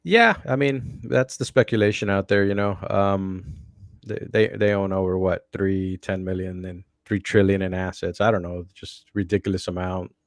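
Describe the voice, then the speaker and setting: Male co-host, deep flat voice, laid-back casual chat, dry sound. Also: normal speed, dry recording. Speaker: podcast co-host.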